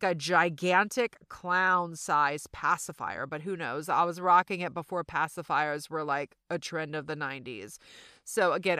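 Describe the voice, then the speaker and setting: A middle-aged woman with a Southern accent tells a personal story on her podcast, chatty and self-deprecating. Her voice sits a little low yet sounds bright. The recording is dry and close. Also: no room sound. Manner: chatty, self-deprecating, addresses listeners as y'all. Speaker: podcast host.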